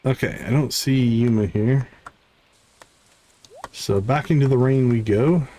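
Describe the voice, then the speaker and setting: A man's voice: medium pitch, unhurried, warm tone. A man streaming a farming game live, dropping wry asides between the dialogue.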